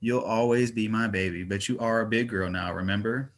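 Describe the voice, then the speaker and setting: A man's voice: fairly low pitch, steady tone, a little fast, natural voice. A man reading aloud voices a playful twenty-year-old father who acts mock-stern with his children.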